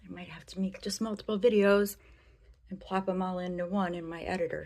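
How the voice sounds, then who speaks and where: A woman's voice: on the low side, fairly even intonation, brisk, a little mellow. A young woman from the American Midwest with a Midwestern accent, chatting through a casual makeup review vlog in her bedroom, rambling and often slipping into a whisper. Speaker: beauty vlogger.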